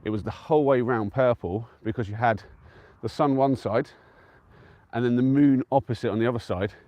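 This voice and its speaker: An easygoing man from England talks to his live-stream viewers from an open hilltop. His voice sits at an ordinary middle pitch, and he keeps up a relaxed, chatty flow as he answers comments from a handheld device. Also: normal speed, dry recording, highs cut off. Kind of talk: casual live-stream chat. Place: outdoors on a windy-free open hilltop at a trig point.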